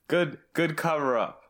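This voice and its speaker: Sarcastic deadpan man on a podcast. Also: lowish voice. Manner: sarcastic, deadpan, swears freely. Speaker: podcast co-host. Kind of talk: casual comedic recap chat.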